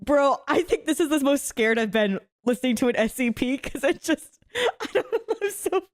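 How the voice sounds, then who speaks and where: Very high-pitched giggly woman. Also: expressive, normal speed. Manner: giggly, jumpy, swears and exclaims. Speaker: reaction video host. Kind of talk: casual reaction commentary.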